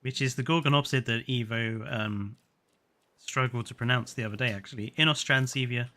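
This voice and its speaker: A man's voice: medium pitch, fairly even intonation, fairly quick, fairly bright tone. A young man chatting casually on a live stream, laughing often, tripping over names and sounding tired. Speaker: gaming streamer.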